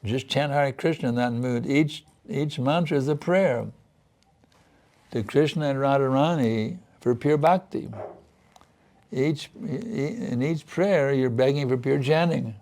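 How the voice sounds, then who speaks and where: Gravelly-voiced man giving a sermon. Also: medium pitch, slow, a little mellow. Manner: earnest, pleading when voicing prayers. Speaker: spiritual teacher.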